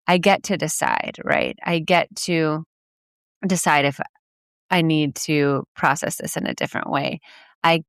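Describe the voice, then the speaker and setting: A woman's voice: low-pitched, fairly bright tone, smooth, no echo, studio quality. A woman hosting her own podcast, talking casually as a coach, chatty with lots of "like" and "you know", laughing now and then. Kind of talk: casual solo podcast talk.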